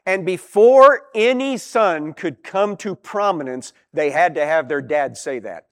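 Animated high-voiced male Bible teacher. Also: a little slow.

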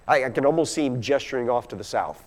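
A man's voice: mid-range voice, expressive, quick pace. A man preaching a sermon, explaining scripture verse by verse and reading passages aloud with growing intensity. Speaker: pastor. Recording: long hall reverb.

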